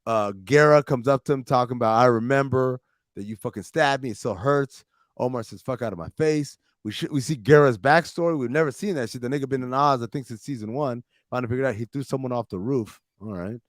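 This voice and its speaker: A man hosting a podcast, retelling TV episodes in a casual, profane, animated way with plenty of quoted dialogue. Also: mid-range voice, fast, no echo, clean studio sound. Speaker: podcast host recapping a TV series. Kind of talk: casual recap chat with friends.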